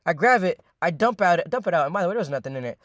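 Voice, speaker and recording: A young man rattles off a rambling storytime monologue at a quick clip, his voice sitting a little high for a man. He swears freely, repeats himself and leans on fillers, calling out to his listeners as ladies and gentlemen. The sound is dry and close, with no room around it. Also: lively intonation, no echo. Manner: addresses viewers as ladies and gentlemen.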